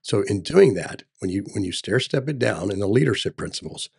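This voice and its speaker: Gravelly, husky-voiced male candidate. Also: fairly low pitch, animated, a little fast, a little mellow. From Texas. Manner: emphatic, military jargon, repeats "right?". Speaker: gubernatorial candidate. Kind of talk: casual interview talk.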